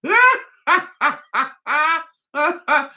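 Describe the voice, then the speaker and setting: A woman's voice: high voice, sing-song, very slow, sharp tone, a little hiss or hum. A middle-aged British woman hosting a casual live-stream chat, reading out viewers' comments and laughing at herself. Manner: giggly, chatty, often laughs at herself.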